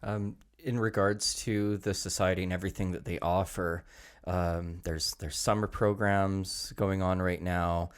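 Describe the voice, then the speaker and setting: A man hosting a podcast, asking a guest questions in a measured way. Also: low voice, fairly even intonation, smooth. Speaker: podcast host. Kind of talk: interview questions.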